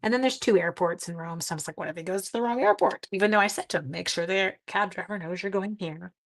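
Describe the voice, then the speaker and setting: A woman's voice: on the low side, fast. A middle-aged woman hosting a live craft video, chatting with viewers as she works, short on sleep. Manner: chatty, talks to live viewers while working. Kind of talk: live craft-along chat.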